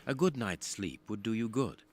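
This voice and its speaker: A man's voice: lowish voice, animated, natural voice. Man voicing a courteous detective Sherlock Holmes. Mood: calm. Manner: measured, courteous and formal. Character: Sherlock Holmes, calm polite adult male detective.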